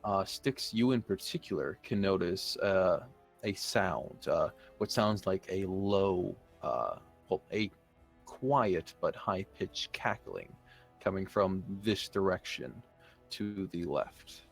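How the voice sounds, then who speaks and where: A man narrating as game master of a tabletop game, describing scenes in a measured way with frequent "uh" fillers. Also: low-pitched, expressive, creaky, faint music behind.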